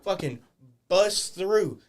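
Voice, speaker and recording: A man's voice: sits high, animated, slow. A man guest on a podcast, telling wrestling stories with lots of profanity. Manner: profane, acts out quoted voices. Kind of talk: animated storytelling. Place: podcast studio.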